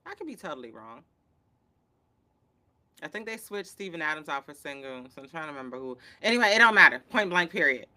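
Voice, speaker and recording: Bright-voiced excitable woman sports host. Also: low-pitched, brisk. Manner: excitable, slangy, hyped reactions. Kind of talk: casual sports commentary chat.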